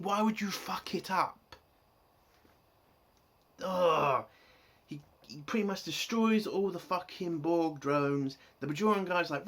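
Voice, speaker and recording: A man with a somewhat high voice rants through an episode review. He is exasperated and sarcastic and swears constantly as he picks apart the plot. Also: a bit bright. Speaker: TV show reviewer.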